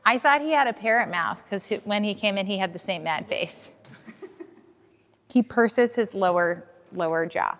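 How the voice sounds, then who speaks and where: A woman who works at a horse shelter, chatting casually and teasing gently as she treats a horse. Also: medium pitch, moderate pace. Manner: soft, teasing, talks to the horse. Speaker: horse shelter vet staff. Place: outdoor horse shelter pen. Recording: distant voice, reverberant, faint noise.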